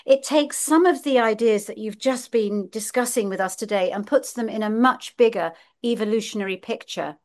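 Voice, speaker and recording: A woman co-hosts the show, introducing the guest and recommending his new book in an upbeat, promotional tone. Her voice is bright and high for a woman. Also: moderate pace, hardly any pauses. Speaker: co-host.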